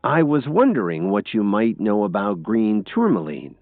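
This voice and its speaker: A man voicing a calm, confident young company boss who speaks in a measured, deliberate way. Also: on the low side, dry recording. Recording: tinny phone-like audio with faint music.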